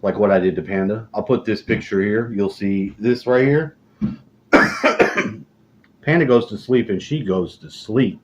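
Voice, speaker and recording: A middle-aged man telling rambling stories in a casual, profane, deadpan way. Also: fairly low pitch, a little slow, pauses often, muffled recording, slight background noise. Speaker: storyteller. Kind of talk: casual storytelling monologue.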